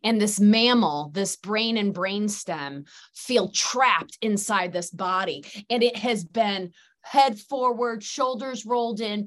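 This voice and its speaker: A woman's voice: on the high side, fairly bright tone. A middle-aged woman, a guest practitioner in an interview, speaking earnestly in long, flowing, emphatic sentences. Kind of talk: conversational interview.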